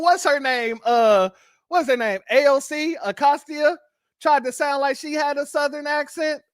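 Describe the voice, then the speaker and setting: A high-voiced man from Los Angeles talks casually to his livestream audience. He is animated and often jumps into an even higher, playful voice to quote people. The sound is dry and close to the microphone. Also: unhurried, no room sound. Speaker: livestream host.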